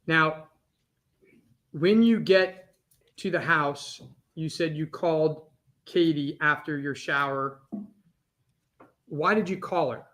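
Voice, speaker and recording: A man's voice: fairly high pitch, slow, long pauses, fairly bright tone. A man examining a witness in court, asking short, direct questions. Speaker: trial attorney questioning a witness.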